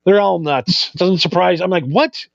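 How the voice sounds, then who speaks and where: A man's voice: high voice, unhurried, gravelly, no echo, muffled recording. A man co-hosting a casual chat, joking crudely and drifting into tangents. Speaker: podcast co-host.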